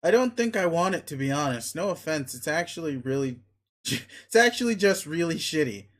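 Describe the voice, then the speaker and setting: A man's voice: fairly high pitch, very animated, moderate pace. A man reading a webcomic aloud, voicing an earnest young man who hesitates and blurts out old-fashioned folksy exclamations. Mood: flustered.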